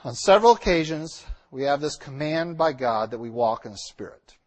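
A man preaching a sermon to his congregation, emphatic and direct, repeating key lines with slow, stressed words. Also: on the high side, animated. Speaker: pastor.

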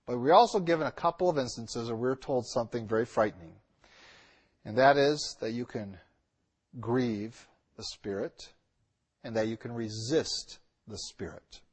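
A man preaching a sermon to his congregation, emphatic and direct, repeating key lines with slow, stressed words. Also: mid-range voice, husky. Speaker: pastor.

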